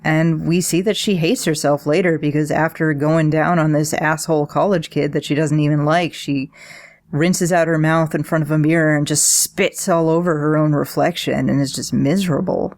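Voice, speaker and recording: Low-voiced woman discussing satire. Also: normal speed. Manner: animated analytical talk. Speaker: podcast co-host. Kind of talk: casual podcast discussion.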